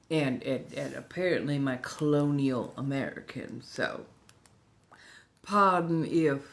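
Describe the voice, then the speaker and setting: A woman hosting a relaxed late-night ASMR livestream, chatting softly and playfully and sometimes dropping into a whisper. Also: deep voice. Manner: soft-spoken, drifting into whispers.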